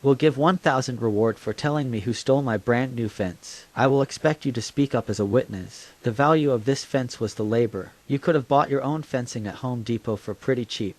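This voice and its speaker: A man on the radio reading song credits and listener notices in a plain, even way. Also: medium pitch, fairly quick, few pauses. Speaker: radio host. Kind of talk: reading announcements on air.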